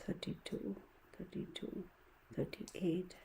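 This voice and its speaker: A woman's voice: on the low side, flat delivery, takes it slowly, creaky, dark tone, slight background noise. A woman hosts a casual tarot livestream and talks straight to her viewers. She sighs often and mutters her counting under her breath. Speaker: tarot reader livestream host.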